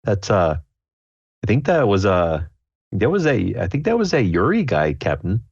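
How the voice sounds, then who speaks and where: Brief: male player, low and lively in pitch, halting casual talk, dull lo-fi recording. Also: husky, no room sound. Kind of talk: playing a tabletop game. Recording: slightly dull lo-fi audio.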